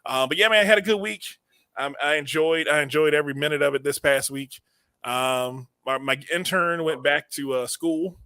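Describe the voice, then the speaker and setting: A man's voice: a little high, moderate pace, pushed and bright, no room sound. A man in his late thirties, co-hosting a podcast, who rambles in a casual comedic chat, laughs often and repeats his words. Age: 30s. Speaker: podcast co-host.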